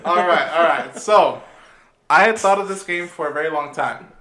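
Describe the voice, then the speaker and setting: A man hosts a casual podcast with hyped, announcer-like energy. His voice is bright and forceful and sits slightly high. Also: normal speed. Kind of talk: casual chat.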